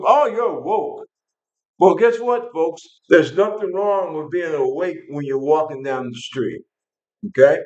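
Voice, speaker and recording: An older man from New York vents straight to camera in a blunt, angry, casual rant. He restarts and repeats himself as he talks. His voice sits a little high, and the sound is dull and lo-fi. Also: reverberant. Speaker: vlog host.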